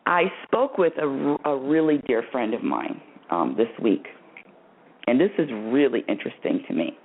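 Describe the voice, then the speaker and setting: A woman's voice: extremely low pitch, big pitch swings, moderate pace, husky. A woman hosting a spiritual self-help radio talk, rambling and often restarting her phrases. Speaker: radio host. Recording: tinny phone-like radio audio.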